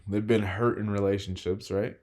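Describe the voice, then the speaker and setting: Animated, laughing male podcast co-host. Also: fairly low pitch, normal speed. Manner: animated storyteller, laughs often, quotes people with voices. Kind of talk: casual chat with spouse.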